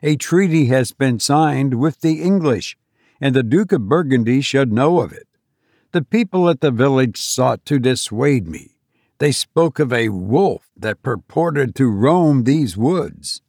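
A man's voice: medium pitch, animated, a little slow, a little mellow, no room sound, clean studio sound. A man voicing a nervous, polite young male traveller with a sword, speaking in old-fashioned phrases. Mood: uneasy. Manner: polite archaic phrasing, a little raised.

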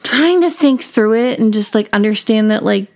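A woman's voice: a little high, expressive, moderate pace, darkish tone. A young woman hosting a solo podcast, talking casually and rambling with lots of fillers and little laughs. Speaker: podcast host.

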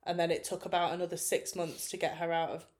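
Easygoing woman, lowish voice. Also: level tone, fast talker. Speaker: podcast co-host. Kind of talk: casual chat.

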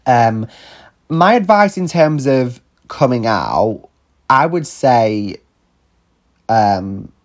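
A man's voice: mid-range voice, expressive, very slow, pauses often. A young man telling a personal story in a chatty, candid podcast monologue, full of fillers and the odd swear. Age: young adult. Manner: chatty, candid, sweary, lots of likes and ums. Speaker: podcast host.

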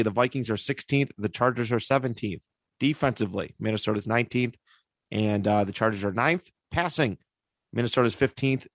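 A man's voice: fairly low pitch, no echo. A man hosting a casual sports podcast chat, laid-back and full of filler words. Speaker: podcast host.

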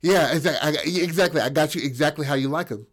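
A man's voice: a little high, fast talker. A man improvising a crude comic story, rambling and profane, checking in with "bro" and "right?".

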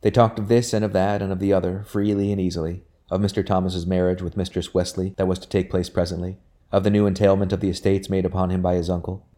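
A man narrating a novel chapter as an audiobook in a measured, steady way. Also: low-pitched.

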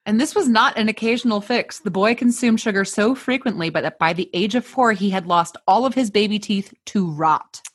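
A woman's voice: mid-range voice, fairly quick, hardly any pauses, breathy edge. A woman hosting a podcast, mixing casual chat with a scripted story told in a playful, jokey way. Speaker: podcast host.

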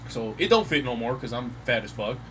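A man's voice: mid-range voice, lively intonation, a little fast, sharp tone, a little hiss or hum, poor audio. A young man co-hosting a casual podcast, telling stories with lots of swearing. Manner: profane, storytelling. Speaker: podcast co-host. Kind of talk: casual chat.

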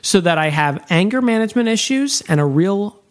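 A man in his thirties co-hosting a podcast, chatting casually with deadpan jokes and riffs. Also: high voice, normal speed. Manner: joking, riffing, deadpan asides. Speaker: podcast co-host. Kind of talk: casual chat.

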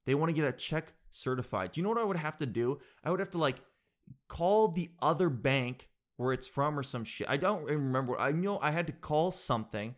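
A man's voice: on the high side, animated, a little fast. A young man telling a comedic story in a rambling, sarcastic way, laughing at his own jokes and saying "dude" a lot.

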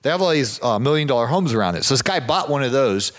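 A man's voice: mid-range voice, fast. Rambling man telling a story. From southeastern United States. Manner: rambling, with frequent fillers and restarts; animated when quoting others. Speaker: property management business owner. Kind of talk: casual anecdote telling.

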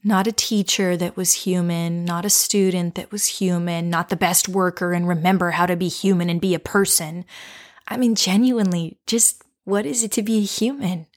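Her voice is lowish and even as this woman, a coach, tells a personal story. She guides listeners toward reflection, keeping things slow and soft and often slipping into a whisper.

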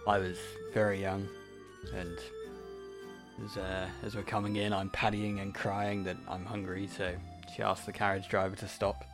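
A man's voice: deep voice, completely flat delivery, moderate pace, music in the background. A man playing a tabletop game, speaking in character in a chatty, playful way. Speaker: player. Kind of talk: in-character tabletop role-play.

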